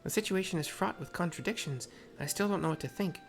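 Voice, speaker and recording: A gamer voicing an earnest young woman warrior who blames herself, in a put-on mixed accent, reading her lines measured and serious. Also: lowish voice, creaky, faint music behind, pitched above the performer's own voice.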